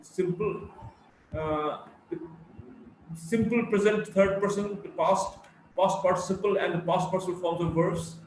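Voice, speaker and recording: A man with an Indian English accent giving a college phonetics lecture, slowly reading out word lists and repeating key points. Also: sits high, fairly even intonation. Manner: slow and deliberate, repeating words for drill. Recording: echoey room, mic far off, faint hiss.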